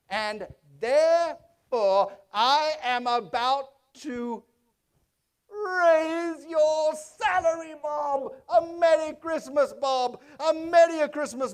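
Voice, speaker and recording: A man acting out an old reformed miser, bubbling with giddy delight at one moment and murmuring low and tender the next. The stage telling is theatrical, full of chuckles and sweeping leaps of pitch. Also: clean tone. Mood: mock-stern jovial. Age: older. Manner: exuberant, chuckling, switches between high excitement and low hushed narration. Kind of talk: theatrical storytelling monologue.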